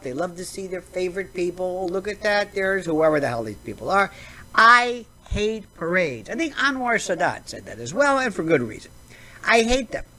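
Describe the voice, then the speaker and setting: Sarcastic, animated American woman ranting. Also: mid-range voice. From United States. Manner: sarcastic, rambling, digressive. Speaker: show host. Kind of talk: comedic rant.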